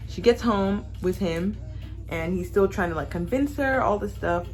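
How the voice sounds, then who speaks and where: A young woman casually recapping a movie on her vlog, sassy and animated, acting out the characters as she talks. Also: mid-range voice, moderate pace, soft background music. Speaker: vlogger reviewing a movie while doing makeup. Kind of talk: casual chat.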